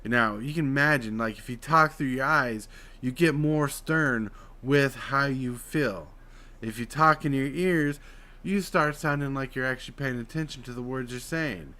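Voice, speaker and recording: A man from Utah in casual live-stream chat, explaining voice technique and swinging between a flat drawl and bursts of excited emphasis. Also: mid-range voice, measured pace. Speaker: streamer host.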